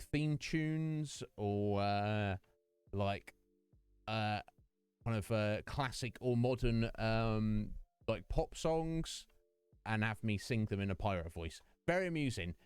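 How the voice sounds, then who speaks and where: A man's voice: lowish voice, a little mellow, clear, resonant tone, no echo. A man hosting his game live stream, chatting in a rambling way and laughing often. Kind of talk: casual live-stream chat.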